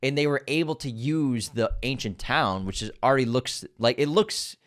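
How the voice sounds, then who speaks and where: A man in relaxed podcast talk, laying out facts in an explanatory way and tossing quiz questions to his co-host. His voice sits at a middle pitch. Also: moderate pace. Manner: explanatory, asks quiz questions, adds "you know". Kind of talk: casual movie chat.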